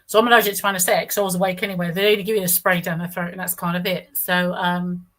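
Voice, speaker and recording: A woman's voice: lowish voice, flat delivery, racing, a bit bright, poor audio. A middle-aged woman, telling her own experience in a rambling, casual way, restarting sentences and acting out what others said. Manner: rambling, restarts often, acts out quoted speech. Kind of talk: casual first-person storytelling.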